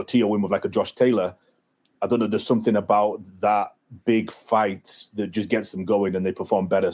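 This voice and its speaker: Male podcast co-host, low voice, loose rambling boxing talk, lots of "like" and "you know". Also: dark tone. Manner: rambling, many fillers and restarts. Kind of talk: casual boxing chat.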